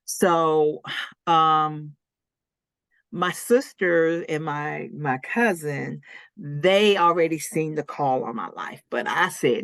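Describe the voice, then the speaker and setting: Low-voiced woman sharing faith testimony. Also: slow, creaky, a bit bright, no echo, clean studio sound. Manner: earnest, reenacts her own past words with big pitch jumps. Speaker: interview guest, licensed minister. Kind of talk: personal testimony in conversation.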